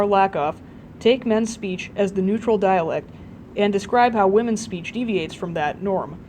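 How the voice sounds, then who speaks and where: Woman narrator for a nonfiction audiobook, mid-pitched, measured delivery, faint low rumble behind. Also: darkish tone, low-quality recording. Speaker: audiobook reader.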